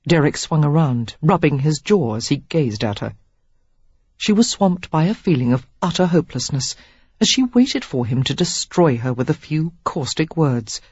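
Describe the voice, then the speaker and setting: A woman narrating a romance novel in an expressive, measured reading. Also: deep voice, husky, dry recording. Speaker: audiobook narrator. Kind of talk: scripted narration. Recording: dull, dry audiobook recording.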